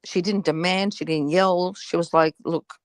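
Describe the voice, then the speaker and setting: A woman's voice: fairly low pitch, steady tone, moderate pace, no room sound. A woman telling a personal story as a guest on a live panel, chatty and full of "you know.".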